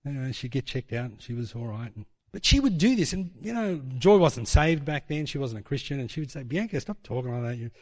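A man's voice: mid-range voice, big pitch swings, brisk, hardly any pauses, a little mellow. A man preaching a sermon, telling stories and asking rhetorical questions. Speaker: pastor.

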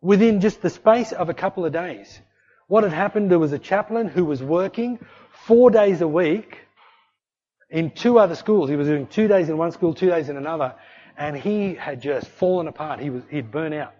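A man preaching a sermon in a conversational, animated way, acting out little voices in his stories. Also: fairly high pitch, moderate pace. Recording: dull lo-fi recording.

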